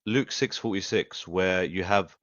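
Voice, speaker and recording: A man's voice: low-pitched, measured pace, fairly bright tone, dry recording, highs cut off. A man calling in to ask a question, hesitant and polite, with many fillers. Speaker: caller. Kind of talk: call-in question.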